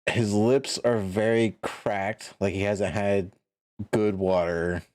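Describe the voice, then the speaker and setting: A man narrating as game master, halting and relaxed. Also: on the low side, dry recording, studio quality.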